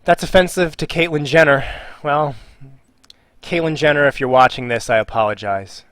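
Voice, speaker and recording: A man with a slightly high voice and a bit bright tone chats at a moderate pace on a casual live stream, with no echo. Jokey, he reads out viewer questions and answers them, trailing off and muttering as he works.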